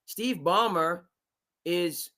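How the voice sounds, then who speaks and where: A man hosting a live sports talk stream, talking in an animated, emphatic way and now and then mimicking team owners. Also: sits high, extremely slow.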